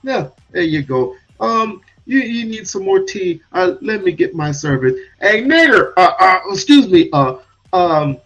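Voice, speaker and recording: Man doing a fussy upper-class snob, stammering, very lively pitch, comic sketch. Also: exaggerated voice. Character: prissy genteel male tea-party snob. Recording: dull lo-fi sound with faint music.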